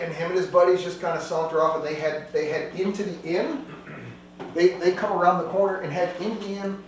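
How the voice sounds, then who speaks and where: A man narrates a tabletop game as game master, rambling and catching his own slips. His voice sits slightly high and comes from away from the mic. The room rings with echo over a faint hiss. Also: steady tone, a little fast. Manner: rambling, self-correcting narration. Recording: distant echoey room with faint noise.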